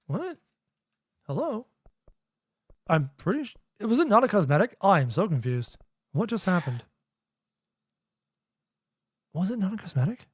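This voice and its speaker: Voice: mid-range voice, big pitch swings, moderate pace, long pauses, breathy edge, no echo, clean studio sound. A young adult game streamer doing live gameplay commentary, chatty, talking to chat and repeating phrases while figuring things out.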